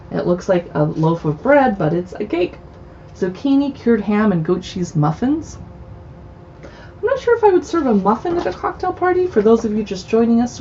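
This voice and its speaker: Browsing cookbooks casually on a livestream from her urban home, this US West Coast host reads out recipe names and chats in between. She speaks at a medium pitch with a dark tone. The audio is lo-fi, carrying a little hiss or hum.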